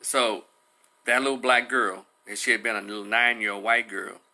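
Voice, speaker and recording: A man talking loosely on a livestream, rambling with many fillers and animated retelling. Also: on the low side, moderate pace. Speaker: livestream commentator. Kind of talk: casual livestream commentary.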